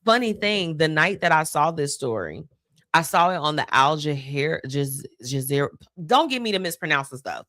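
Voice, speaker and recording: A woman's voice: sits low, animated, moderate pace, a bit bright, no room sound, studio quality. A woman hosting a live stream, talking casually and animatedly to viewers, laughing often. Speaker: host.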